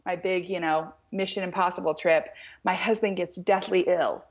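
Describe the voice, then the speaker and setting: An American woman, middle-aged, telling a story as an author guest in an interview, lively and quoting people in animated voices. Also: lowish voice, moderate pace. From United States. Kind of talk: storytelling in a talk-show interview.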